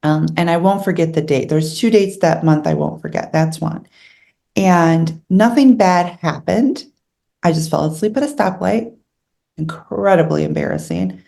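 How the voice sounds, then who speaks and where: A woman's voice: fairly low pitch, moderate pace, creaky, mellow. A middle-aged woman telling her own story as an interview guest, earnest and candid, emotional as she recalls hard moments.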